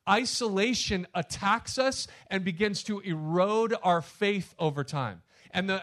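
Male pastor, emphatic conversational sermon, fairly high voice, loud-to-hushed swings. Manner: addresses congregation directly.

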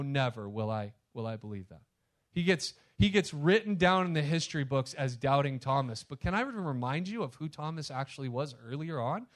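In a slightly high voice, a male preacher talks straight to his congregation with emphasis. The sermon moves back and forth between forceful loud moments and hushed side remarks.

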